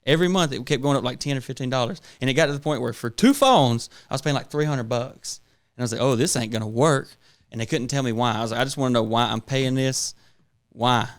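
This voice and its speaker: A man, co-hosting a casual podcast and ranting with constant profanity and animated retellings. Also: mid-range voice, fast. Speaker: podcast co-host. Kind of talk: casual chat.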